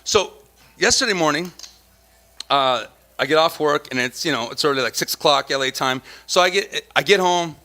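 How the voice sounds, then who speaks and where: A man with a fairly high, bright, forceful voice hosts a casual podcast chat. He tells a rambling story full of profanity and filler. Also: expressive, normal speed. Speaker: podcast host.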